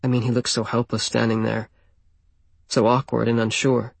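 A man narrates a first-person story, plain and intimate, at a middle pitch. His voice is a touch husky and sits dry and close to the mic. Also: completely flat delivery, normal speed, no echo.

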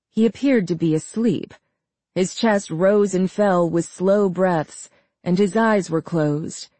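An audiobook narrator giving a steady, measured scripted reading. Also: mid-range voice, no echo.

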